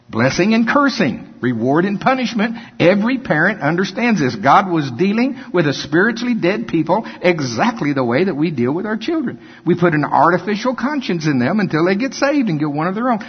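An older man preaching a sermon, reading scripture and breaking into animated, folksy asides. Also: high-pitched, a little fast, husky. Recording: dull lo-fi with long hall reverb.

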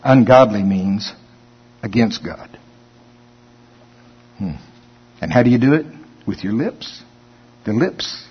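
A man pastor preaching a sermon in a church, reading scripture slowly and then commenting on it in a folksy, conversational way. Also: fairly low pitch, animated, breathy edge. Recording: long hall reverb, dull lo-fi sound.

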